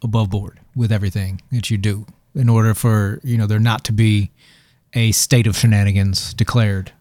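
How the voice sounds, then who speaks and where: A man's voice: on the low side, fairly even intonation, normal speed, a little mellow, no echo. A man co-hosting a casual podcast chat, joking in a dry, mock-formal way. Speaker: podcast co-host, league commissioner.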